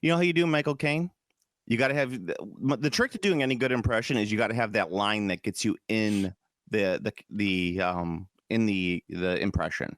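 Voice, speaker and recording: Jokey low-voiced man from Chicago. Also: normal speed, no room sound, studio quality. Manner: rambling, jokey, swears freely, slips into mock voices. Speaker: podcast co-host. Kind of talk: casual chat.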